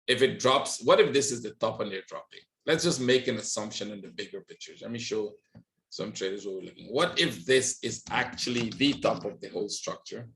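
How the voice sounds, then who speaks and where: A man's voice: lowish voice, brisk, fairly bright tone. Man explaining charts on a webinar. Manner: talks through charts with frequent "right?" check-ins. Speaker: trading webinar host. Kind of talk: live screen-share market analysis.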